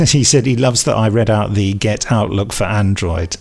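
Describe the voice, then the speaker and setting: A man's voice: fairly low pitch, normal speed, gravelly, a little mellow, slightly rough, soft background music. A man co-hosting a podcast in casual chat, reading out listener emails and laughing at his own slips. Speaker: podcast co-host.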